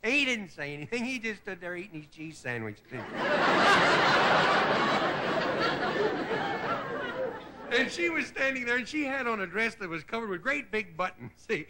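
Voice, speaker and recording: Man, comedy host, stand-up monologue, high voice, chuckles at own jokes, loud broadcast hiss. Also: wildly swooping pitch, over a noisy crowd. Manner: chuckles at his own jokes, switches into quick character voices. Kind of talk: stand-up monologue on a TV variety show. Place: TV studio stage before a live audience.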